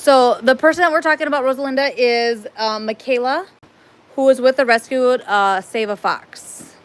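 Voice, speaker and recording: A woman whose voice sits high speaks at a normal pace on a casual live stream she's filming by phone as she strolls an outdoor cat playground. Her talk is chatty and meandering, and she laughs readily.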